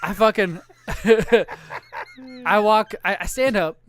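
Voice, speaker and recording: Profane, animated storytelling man. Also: high-pitched, slow. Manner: profane, animated, acts out voices in anecdotes. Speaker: podcast co-host. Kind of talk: crude casual storytelling.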